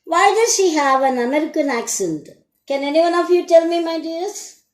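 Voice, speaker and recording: A woman with an Indian English accent teaching an English lesson, speaking slowly and deliberately and asking her students questions. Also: very high voice, roomy sound, poor audio. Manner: slow, deliberate, asks the class questions. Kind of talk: classroom lesson recording.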